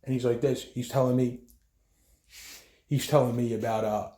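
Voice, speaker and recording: A man's voice: medium pitch, fairly even intonation, normal speed, warm tone, reverberant. A man giving an agitated, profane, rambling account as a bereaved son, with many restarts. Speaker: bereaved son telling his story. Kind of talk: heated first-person account.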